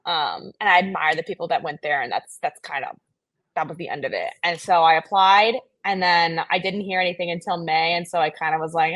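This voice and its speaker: A young woman from New Jersey, a playwright, telling a story in an interview in a chatty, animated way. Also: lowish voice, brisk, no room sound. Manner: animated, chatty, many fillers and laughs. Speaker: playwright guest.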